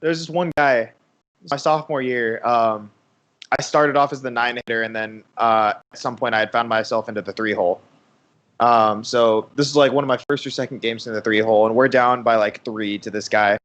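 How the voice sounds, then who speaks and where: A man's voice: medium pitch, steady tone, normal speed, a bit bright, dull audio. A young man co-hosting a baseball watch party, rambling through a casual anecdote with lots of fillers. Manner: rambling storyteller, many fillers.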